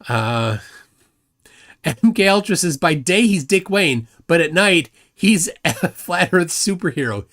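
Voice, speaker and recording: A man's voice: fairly high pitch, expressive, a little slow, fairly bright tone. A man hosting a live stream, arguing combatively and mocking his opponent while reading chat comments aloud. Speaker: livestream host.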